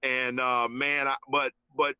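Man, halting and heartfelt. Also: mid-range voice, little pitch movement, sharp tone, clear, resonant tone, dry recording, lo-fi sound. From Georgia, US. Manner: halting, many restarts and fillers, says "man" often. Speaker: interview guest. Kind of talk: casual testimony in an interview.

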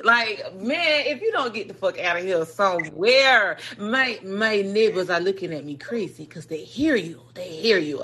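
A woman co-hosts a casual podcast chat, telling stories loudly and cursing freely. Her voice is bright and a little husky, and her pitch swings widely as she gets animated. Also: normal speed, hardly any pauses. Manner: loud, profane, animated storytelling with laughter. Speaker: podcast co-host.

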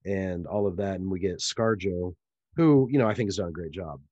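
A podcast co-host with a low male voice and a dry, close sound. He trades wry, opinionated fan takes on a TV show in a relaxed, casual chat. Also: moderate pace, no room sound, lo-fi sound.

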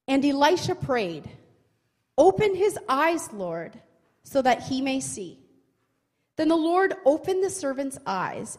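Woman Bible teacher, high bright voice, very animated, chatty, long hall echo. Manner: chatty, expressive, asks the listener questions.

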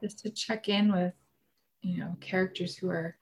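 Woman in her thirties, podcast co-host, creaky voice, reflective casual chatter. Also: on the low side, steady tone, normal speed. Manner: reflective, musing, trails off mid-thought. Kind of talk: casual chat.

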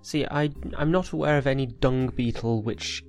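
A man's voice: mid-range voice, normal speed, darkish tone, soft background music. A man in a casual tabletop role-playing game, pedantic as he questions other characters. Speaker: player.

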